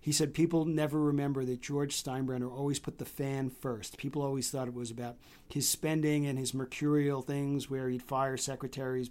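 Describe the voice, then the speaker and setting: A man's voice: medium pitch, darkish tone. A man hosting a podcast, asking questions and often giving short acknowledgments. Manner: attentive, frequent short acknowledgments. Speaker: podcast host. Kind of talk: interview questions.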